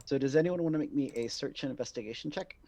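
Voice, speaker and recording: A man acting as game master for a tabletop game, speaking at a mid pitch. He stops and restarts often and fills the gaps with "um" and "uh". The recording is plain online voice chat. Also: darkish tone. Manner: halting, with many fillers and apologies.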